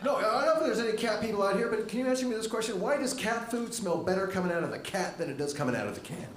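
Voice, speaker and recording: A middle-aged male stand-up comedian on stage at a comedy club, delivering jokes with a dry, wry deadpan through a handheld mic. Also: racing, slight background noise. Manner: dry, wry deadpan with lively jumps in pitch. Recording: echoey club room with audience laughter.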